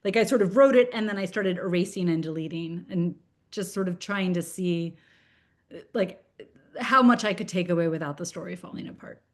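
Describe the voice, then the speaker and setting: A woman's voice: on the low side, moderate pace. A woman in her forties, a children's book author, chatting in an interview over a video call with lots of fillers and restarts.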